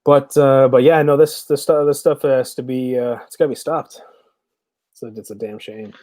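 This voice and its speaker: A man's voice: mid-range voice, steady tone, normal speed, warm tone, no echo. A man in his thirties, a comic book creator, chatting casually as a guest with many fillers and easy laughs. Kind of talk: casual interview chat.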